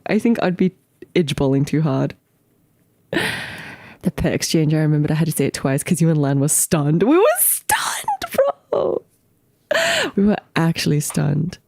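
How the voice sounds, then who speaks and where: A woman streamer chatting casually with her viewers, giggling often and breaking into squealing high laughs, with a slangy way of talking. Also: dark tone, dry recording. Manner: talks to chat, slangy. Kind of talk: casual live-stream chat reacting to clips.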